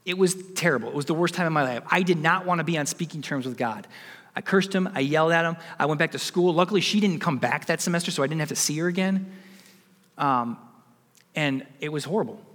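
A man's voice: on the high side, quick pace, a bit bright, long reverb tail. A man in his forties, a pastor giving a sermon, telling a personal story and building to emphatic preaching.

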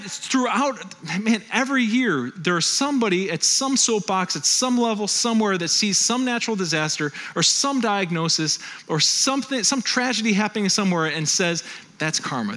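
A male pastor from Western New York preaching a sermon in a conversational, animated way. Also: high voice, moderate pace.

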